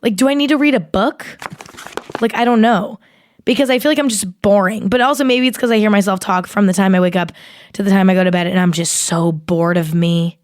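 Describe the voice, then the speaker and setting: A woman's voice: medium pitch, fairly quick, no echo. A young woman hosting a podcast, chatting casually and rambling with lots of "like". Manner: chatty and rambling, heavy use of "like". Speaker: podcast host. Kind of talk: casual chat with a sponsor read.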